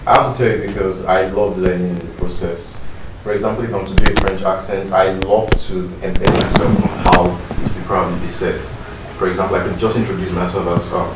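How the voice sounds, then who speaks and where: Young man auditioning. Very low, flat voice, earnest and slightly hesitant, heard from across a reverberant room with background noise. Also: fairly quick. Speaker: auditioning actor. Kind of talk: self-introduction at an audition. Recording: roomy, distant, noisy.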